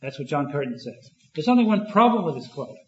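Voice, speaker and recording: A man giving an academic lecture, thoughtful and halting, with many restarts and fillers. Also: a little high, very animated. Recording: echoey, dull lo-fi room recording.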